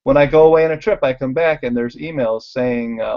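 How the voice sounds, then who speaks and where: A man's voice: mid-range voice, fairly quick, hardly any pauses, highs cut off. A man who owns a bike shop, telling stories over slides and acting out the voices of the people in them. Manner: animated storyteller, acts out quoted voices, laughs often. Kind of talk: casual storytelling over slides.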